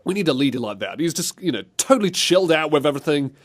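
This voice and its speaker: A man's voice: fairly high pitch, sing-song, fast. A man hosting a comedic podcast, laughing a lot and slipping into silly voices. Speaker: show host.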